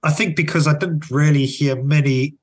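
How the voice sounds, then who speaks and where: This podcast co-host, who has a South African accent, thinks out loud in a relaxed chat, frequently restarting sentences and letting them trail off. He speaks at a moderate pace in a steady, higher voice with a breathy edge.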